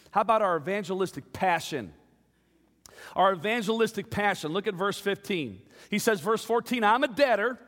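A man preaching a sermon in rhythmic call-and-response, building to shouts. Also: high-pitched. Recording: long hall reverb.

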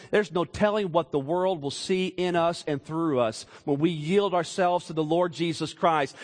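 A fairly high-voiced man delivers a sermon in a large reverberant sanctuary. He tells stories in a soft, low voice, then rises into loud, emphatic declarations. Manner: preaching with swings from quiet storytelling to raised, emphatic calls. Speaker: preacher. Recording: long hall reverb.

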